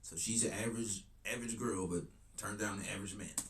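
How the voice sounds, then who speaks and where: A man's voice: fairly low pitch, quick pace, a bit bright. A man streaming his reactions to videos, talking in a crude, joking way and often saying "you know what I'm saying". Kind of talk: casual commentary. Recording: echoey room with faint noise.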